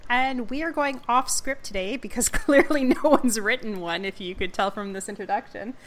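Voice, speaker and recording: A woman's voice: fairly high pitch, moderate pace. A woman from Canada hosting a casual podcast, chatty and joking and laughing often. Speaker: podcast host.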